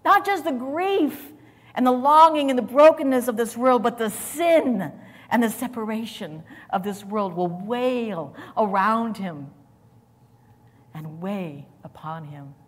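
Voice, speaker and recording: A woman preacher delivering a sermon with dramatic swings between loud, forceful lines and near whispers. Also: fairly high pitch, expressive, slow pace, in a large hall.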